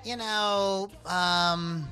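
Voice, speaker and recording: Man from philadelphia, podcast co-host, rambling casual chat, high-ish voice, bright tone, faint music underneath. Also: fairly even intonation, very slow. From Philadelphia, USA. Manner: rambling, filler-heavy and self-interrupting.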